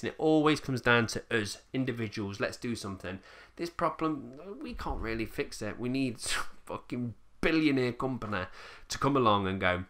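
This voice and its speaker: A man's voice: medium pitch, animated, normal speed, fairly bright tone. A man, a YouTuber ranting bluntly to camera in a casual, swearing way.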